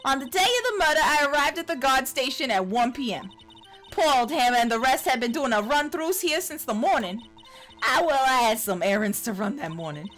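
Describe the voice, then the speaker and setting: A woman's voice: high-pitched, lively intonation, a little fast, a bit bright, soft background music. A woman voicing a chatty, rambling elderly female security guard who calls everyone "dearie" in a video game.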